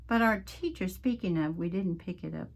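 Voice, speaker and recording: A woman with a Southern American accent chatting casually as she crafts, homey and prone to drifting off topic, with a slightly husky voice and frequent throat-clearing. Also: fairly low pitch. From Southern United States. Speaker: crafting channel host. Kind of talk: casual craft-along chat.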